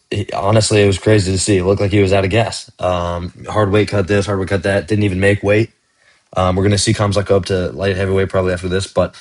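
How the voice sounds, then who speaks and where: A man doing a casual, excitable fight breakdown for his channel, full of slang and fillers like "man" and "bro.". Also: deep voice. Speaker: fight commentary YouTuber.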